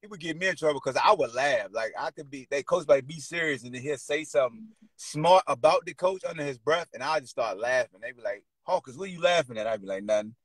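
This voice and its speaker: A man hosting a sports podcast with a Virginia accent, taunting and shouting at players in casual trash talk. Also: medium pitch, fairly quick, slightly rough, no echo, poor audio. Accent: Virginia (757 area). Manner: loud, taunting, animated, shouts and laughs. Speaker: podcast host.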